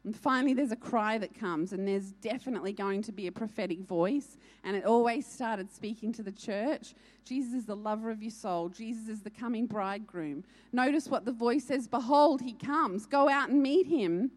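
A woman's voice: medium pitch, normal speed, few pauses, a little mellow. A woman preaching a sermon, urgent and earnest, repeating key lines for emphasis.

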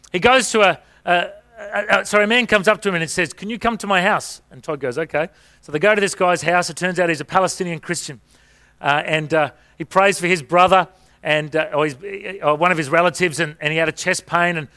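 A man's voice: high-pitched, steady tone, a little fast, sharp tone, clear, resonant tone. A middle-aged man preaching a sermon, telling stories in a chatty way with rhetorical questions. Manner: conversational storytelling with rhetorical questions.

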